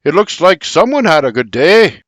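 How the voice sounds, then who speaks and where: A man's voice: on the high side, big pitch swings, moderate pace, fairly bright tone, dry recording, clean studio sound, pitched above the performer's own voice. A man voicing a proud, teasing father in a bluff brogue, in an audiobook. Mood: jovial.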